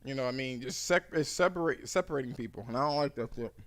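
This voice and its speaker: A man co-hosting a podcast in casual chat, loud and joking. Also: medium pitch, fast talker. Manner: loud, joking, breaks into sung bits. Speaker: podcast co-host.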